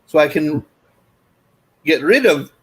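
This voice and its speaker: A man's voice: fairly high pitch, animated, takes it slowly, breathy edge, poor audio. A man hosting a casual chat, telling stories in a joking, self-deprecating way.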